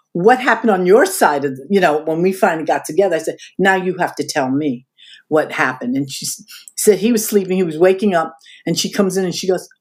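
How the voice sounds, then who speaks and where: Older american woman telling a story, does all the voices in her quotes. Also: on the low side. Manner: animated storyteller who acts out quoted dialogue. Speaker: guest. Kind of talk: interview storytelling.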